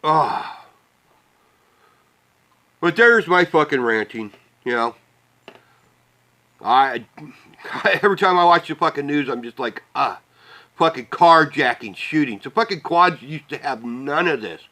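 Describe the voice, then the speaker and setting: A man's voice: fairly high pitch, expressive, a little slow, long pauses, sharp tone. A man from the Midwest, delivering a profane, heated rant to the camera with bitter laughs. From Midwest United States. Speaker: vlogger. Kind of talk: angry ranting monologue.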